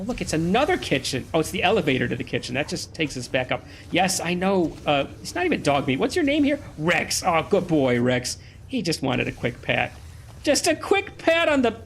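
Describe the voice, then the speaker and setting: A man's voice: on the high side, slight background noise. A man giving casual, playful commentary while playing a video game, a little under the weather. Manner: playful, chatty, excitable. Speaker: let's play host.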